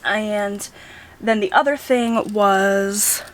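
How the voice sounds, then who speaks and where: A woman in her thirties talks through her week's spending at a relaxed, conversational pace. Her voice sits in a middle range, and she muses aloud, often pausing to second-guess herself. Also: medium pitch. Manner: chatty and musing, thinks out loud with hesitations. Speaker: budgeting vlogger. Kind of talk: casual talk while logging expenses.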